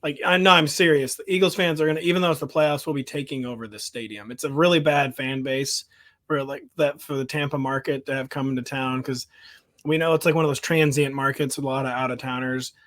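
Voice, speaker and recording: A man's voice: medium pitch, fairly even intonation, fast talker, a bit bright. A man hosting a football podcast, joking and laughing often in casual sports chat. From Missouri. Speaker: fantasy football podcast host.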